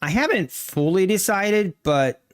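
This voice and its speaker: A man hosting a live day-trading stream, talking casually and haltingly, often restarting and clearing his throat. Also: high voice, lively intonation. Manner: slow, halting, many restarts, answers chat. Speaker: livestream day-trading host. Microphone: desk mic.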